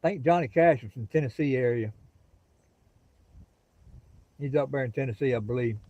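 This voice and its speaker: Livestreaming on his phone outside by a pasture, a middle-aged Gulf Coast Florida man talks directly to viewers with an easygoing, folksy Southern drawl. He has a mid-range voice at normal speed, and the audio sounds dull.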